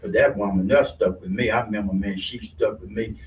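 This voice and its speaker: A man's voice: on the low side, steady tone, fairly quick, roomy sound. A middle-aged man sharing his recovery story in an earnest, repetitive way. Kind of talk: testimony in casual talk. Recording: distant mic with faint noise.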